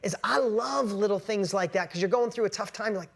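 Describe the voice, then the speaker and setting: A man's voice: high-pitched, a little fast, vocal fry. A man giving an emphatic motivational talk to a live online audience, often repeating and restarting his words. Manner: emphatic, repetitive, self-interrupting. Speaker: motivational coach.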